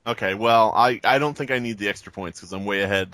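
A man's voice: lowish voice, fast talker, no echo. A man co-hosting a podcast, cracking dry jokes in a casual chat. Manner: dry joking, animated. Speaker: podcast co-host and reader.

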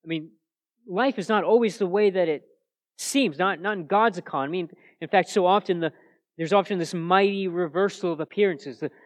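A man with a fairly high voice preaches a sermon in a relaxed, conversational way. He often restarts his phrases and drives his points home with emphatic rhetorical questions. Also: fairly quick. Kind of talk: expository sermon.

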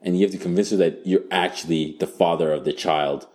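A man running an improvised storytelling game as game master, crude, profane and animated. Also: sits low, a little fast.

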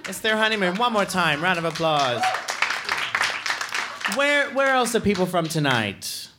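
A man co-hosting a live comedy podcast on stage, telling stories quickly and laughing often. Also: high voice, a loud crowd, very noisy. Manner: animated, laughing, quick storytelling. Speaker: podcast co-host. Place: stage before a live audience.

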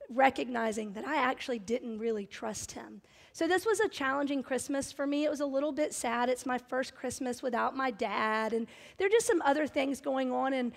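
High-voiced woman preaching in a reverberant hall. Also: vocal fry. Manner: earnest, personal storytelling with rising emphasis. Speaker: pastor. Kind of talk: sermon.

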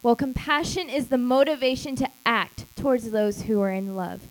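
In a rough recording, a woman who leads a small group gives an emphatic church teaching talk at a normal speed. Her voice is on the high side, and she repeats key phrases and acts out quoted lines.

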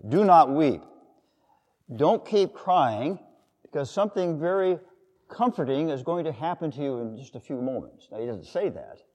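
Preaching in a mid-range voice, this man lets his tone swing up and down with energy. He speaks casually, acting out little quotes and slipping in asides, while a big hall gives his words a long, trailing echo.

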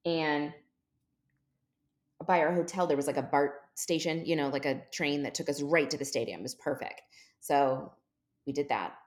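A woman's voice: low-pitched, normal speed, pauses often. A woman in her forties, a podcast guest, telling a long funny story in casual chat and jumping into quoted voices. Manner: animated, jumps into quoted voices.

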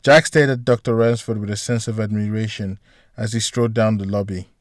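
A man narrating a novel chapter in a steady storytelling voice. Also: on the low side, a little fast, dry recording, studio quality. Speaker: audiobook narrator. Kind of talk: scripted narration.

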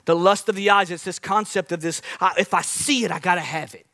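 High-voiced, bright young male preacher. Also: brisk. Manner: animated storytelling with sudden loud outbursts. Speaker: pastor. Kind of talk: sermon.

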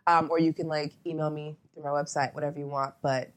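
A woman's voice: low-pitched, little pitch movement, quick pace. A young adult woman, a photographer as interview guest, chatting casually and meandering with lots of asides.

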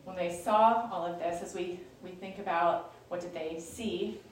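A Bible study leader teaches scripture in an echoey room, captured on a distant mic with slight background noise. Her lowish voice is unhurried with fairly even intonation, and her chatty, explanatory style includes fillers and restarts.

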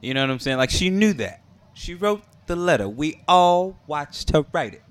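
A man's voice: a little high, big pitch swings, moderate pace, clean tone. A man co-hosting a casual podcast, laid-back, often laughing and trailing off with fillers. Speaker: podcast co-host. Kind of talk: casual chat.

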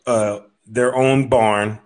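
A man playing a fast-talking agent in an improv comedy scene. He talks haltingly and fills pauses with ums. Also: mid-range voice, steady tone. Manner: halting, full of fillers. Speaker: improv performer.

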